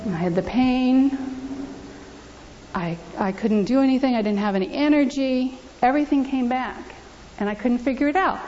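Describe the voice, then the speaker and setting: Woman, testimony preacher, emphatic and earnest, higher voice, dull lo-fi recording, faint hiss. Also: normal speed, mellow. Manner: earnest, emphatic, repeats scripture aloud. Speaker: church speaker giving testimony.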